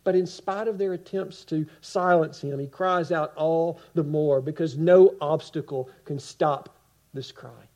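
Male preacher, high voice, impassioned sermon, loud swells and hushed drops. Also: unhurried.

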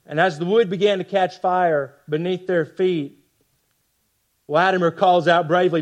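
Fired-up preacher guy, kinda high voice, goes loud then real quiet for effect. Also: fairly even intonation, normal speed. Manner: impassioned, swings from loud emphasis to hushed lines; rhetorical asides to the congregation. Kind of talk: expository sermon.

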